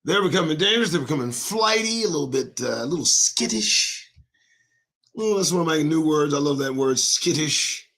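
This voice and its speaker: A middle-aged man hosting his own show, ranting in a rhyming monologue with sudden shouts and swearing. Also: fairly high pitch, lively intonation, moderate pace. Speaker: host of a daily online show.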